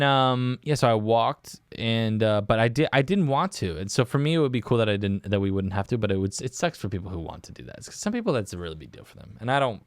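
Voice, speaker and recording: Rambling young man with a smooth voice. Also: mid-range voice, no echo, clean studio sound. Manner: rambling, laughing often, saying "dude" a lot. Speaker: podcast host. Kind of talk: casual solo podcast chat. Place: small windowless indoor room.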